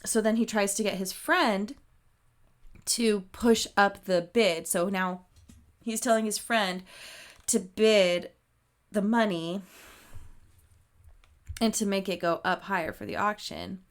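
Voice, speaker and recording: As a podcast co-host, a woman animatedly retells a movie plot in casual chat, saying "like" a lot and swearing casually. Her medium-pitched voice is slow, with long pauses.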